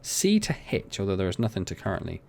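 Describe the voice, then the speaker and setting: Fast and creaky, his low voice swoops wildly in pitch, and background noise can be heard. He's a young gaming channel host giving casual let's play commentary on a farming game, chatty, rambling and self-mocking.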